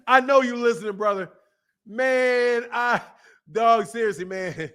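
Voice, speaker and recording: High bright-voiced man ranting. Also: a little slow, clear, resonant tone. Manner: animated, laughing often, slangy storytelling. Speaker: boxing channel host. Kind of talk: casual commentary to camera. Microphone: camera mic.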